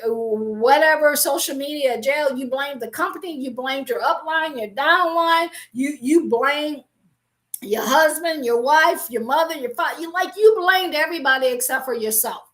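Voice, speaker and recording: A woman's voice: high-pitched, fairly bright tone. A woman giving an emphatic, repetitive motivational talk on business and faith, addressing her listeners directly. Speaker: business coach and Christian speaker.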